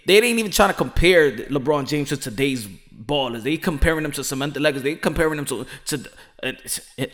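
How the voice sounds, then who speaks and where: Brief: animated male podcast host, high and expressive, preaching his point. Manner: animated, preachy, repeats himself for emphasis. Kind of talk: casual monologue.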